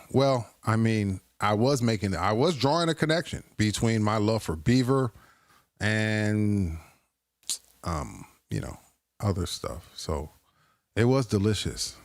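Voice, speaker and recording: A man with a somewhat low voice hosting a casual livestream, rambling and joking at his own expense. His voice is recorded close and dry, with no room sound. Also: expressive, slow pace, no room sound. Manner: rambling, joking, self-deprecating. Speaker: livestream host. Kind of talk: casual livestream chat reacting to clips.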